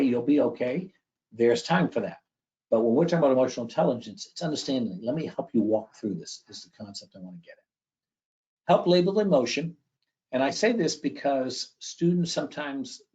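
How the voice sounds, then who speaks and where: A man giving an educational presentation with slides, conversational and often checking in with a quick "okay?". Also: mid-range voice, a little mellow. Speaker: education speaker. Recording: dull lo-fi recording.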